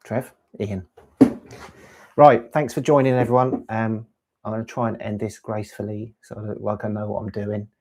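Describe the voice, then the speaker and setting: Answering viewers' gear questions on his casual live stream, the LEGO channel host chats in a rambling way and reads chat aloud. His lowish voice is a little mellow, moves at normal speed and barely shifts in pitch.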